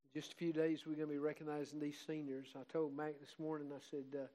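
Older pastor, fairly high voice, heartfelt sermon with fervent swells. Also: male voice, completely flat delivery, fast, dark tone, rough recording. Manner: heartfelt, rising to fervent emphasis.

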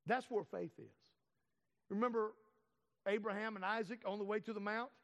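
A man with a high-pitched voice preaches, leaning on words and stretching them out for emphasis. His voice carries a long reverb from a large hall. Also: steady tone, normal speed, fairly bright tone. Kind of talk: sermon.

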